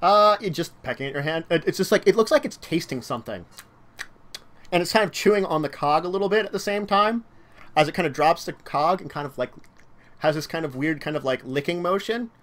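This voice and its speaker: A man's voice: fairly high pitch, expressive, fairly quick, a bit bright. Hesitant male game master. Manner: hesitant, many fillers and "kind of". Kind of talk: narrating a tabletop game. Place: home room, online stream.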